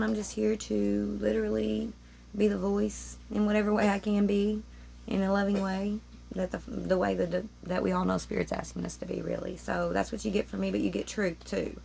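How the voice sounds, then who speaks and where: A woman's voice: medium pitch, little pitch movement, normal speed, gravelly, a little mellow, slight background noise. A woman giving a rambling, chatty tarot reading at home, often stopping to interrupt herself. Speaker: tarot reader. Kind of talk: casual spiritual chat to camera. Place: home room with roommates nearby.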